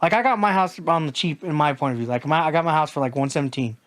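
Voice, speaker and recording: A man's voice: fairly high pitch, fast talker, fairly bright tone. A man co-hosting a podcast in casual chat, rambling through a frustrated story. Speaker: podcast co-host.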